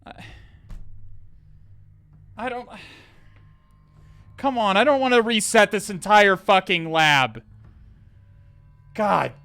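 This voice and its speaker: Male livestreamer, a bit high-pitched and very clear, exasperated and swearing, halting restarts. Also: sharp tone, no echo. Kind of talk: live-streamed hacking commentary.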